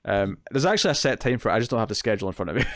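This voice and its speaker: This horror movie podcaster races along in a lowish, sing-song voice, rambling jokily and packing his talk with fillers. The studio-quality recording has no echo.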